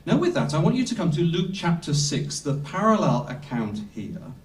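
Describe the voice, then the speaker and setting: A man preaching a sermon slowly and emphatically, with dramatic pauses for weight. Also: a little high, sing-song, recorded from a distance. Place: Bible school hall. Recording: echoey room, speaker off-mic.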